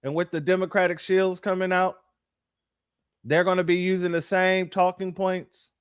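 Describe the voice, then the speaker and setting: A man's voice: sits high, level tone, moderate pace, smooth, dry recording, clean studio sound. A man hosting reaction commentary, talking bluntly and sardonically to his viewers. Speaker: commentary host.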